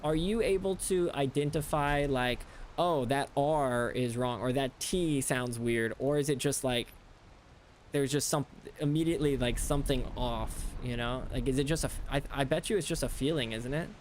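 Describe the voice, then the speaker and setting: A man's voice: on the high side, a little fast, slight background noise. An American man chatting casually with his stream chat while playing a game, rambling and talking things through as he goes. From United States.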